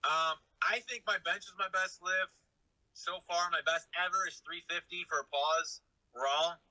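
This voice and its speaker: A man's voice: on the high side, fairly even intonation, measured pace, sharp tone, low-quality recording. A man chatting on a casual live Q&A, blunt and laid-back, swearing freely. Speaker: fitness YouTuber guest on a live Q&A. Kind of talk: casual live-stream chat.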